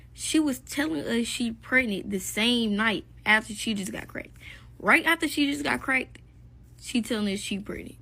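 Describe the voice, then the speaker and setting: A young woman with a bright, fairly high voice tells a casual story-time. She is blunt, gossipy and profane as she talks.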